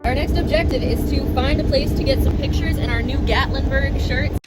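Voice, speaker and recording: A woman's voice: high-pitched, brisk, loud music behind the voice, poor audio. A young woman in her twenties narrating a casual travel vlog from inside an RV, chatty and joking. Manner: chatty, jokey, self-narrating. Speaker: vlogger. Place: inside a moving RV.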